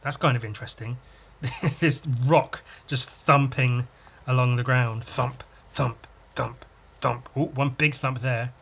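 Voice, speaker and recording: A man's voice: medium pitch, steady tone, a little slow, a bit bright. A man hosting a podcast, chatting casually and enthusiastically while reading a comic and adding his own sound effects. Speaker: podcast host.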